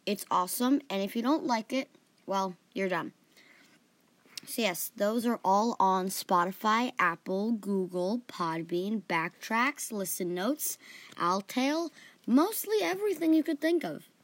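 A woman's voice: medium pitch, takes it slowly, fairly bright tone, dry recording. A woman hosting a story podcast, narrating in first person with playful asides.

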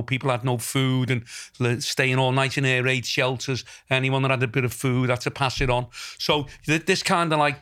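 A man's voice: mid-range voice, fairly bright tone. Blunt, sweary older Liverpool man. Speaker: podcast host. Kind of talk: casual chat.

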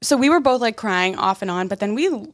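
A woman's voice: mid-range voice, lively intonation, a little fast, no echo, clean studio sound. A young woman co-hosting a casual podcast chat, laid-back and full of fillers. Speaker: podcast co-host.

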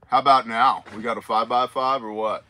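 Bright-voiced male podcast host. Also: mid-range voice, fairly even intonation, brisk, slight background noise. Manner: joking, laughs often, reads listener messages aloud. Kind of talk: casual chat.

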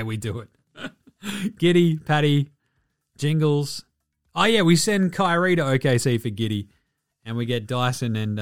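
A man's voice: mid-range voice, dry recording, studio quality. A man with an Australian accent hosting a casual sports podcast, rambling, joking and swearing freely. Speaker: podcast host.

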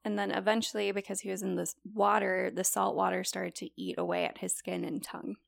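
A young woman retells a true story to her co-host in a loose, chatty way, sprinkling in likes and you-knows. Her voice has a gravelly, fry-tinged texture. The recording is dry and close. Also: medium pitch, little pitch movement, brisk, dry recording. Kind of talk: casual storytelling chat.

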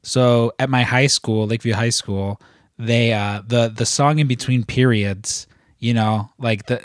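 A man's voice: medium pitch, steady tone, unhurried, no echo, studio quality. Rambling, swearing young man. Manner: rambling, profane storytelling with frequent fillers. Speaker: podcast co-host. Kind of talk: casual chat.

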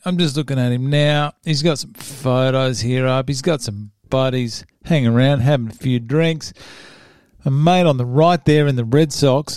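A man's voice: fairly high pitch, darkish tone, no room sound, clean studio sound. An Australian man hosting a casual talk show and giving fight picks, joking and rambling and stumbling over names. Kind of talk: casual chat.

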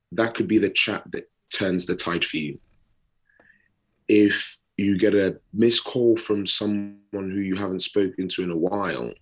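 A British man co-hosting a casual podcast, speaking earnestly with drawn-out pauses, then reading out a listener's letter. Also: low-pitched. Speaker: podcast co-host.

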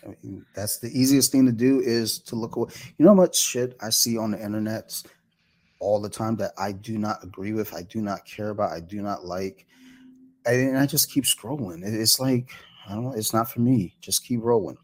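Easygoing podcast host, lowish voice. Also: male voice, fairly even intonation, normal speed, darkish tone. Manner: easygoing, laughs often, swears casually. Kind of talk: casual podcast chat.

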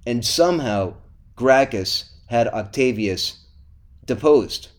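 Animated man telling history on a podcast. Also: medium pitch, slow pace. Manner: animated storyteller, teasing and playful. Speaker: podcast host. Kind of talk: casual history podcast chat.

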